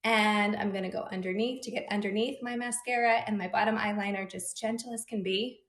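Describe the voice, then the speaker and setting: A young adult woman, a beauty influencer, chatting brightly to her viewers while reviewing and demonstrating skincare. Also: mid-range voice, steady tone, fairly quick. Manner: bubbly, chatty, addresses viewers directly. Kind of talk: product review and demo. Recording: echoey room.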